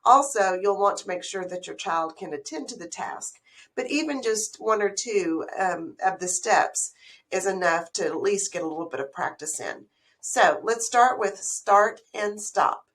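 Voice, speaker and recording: A woman's voice: mid-range voice, animated, measured pace, a bit bright. A woman giving a recorded slideshow lesson on early reading, speaking in a patient, explanatory way and putting questions to the listener. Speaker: literacy educator.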